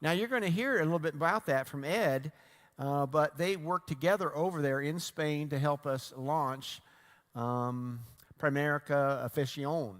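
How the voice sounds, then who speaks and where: A man's voice: fairly high pitch, a little slow. A man introducing the next speaker at an event, in a loose, stumbling way. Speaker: event emcee. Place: large event hall. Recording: reverberant hall.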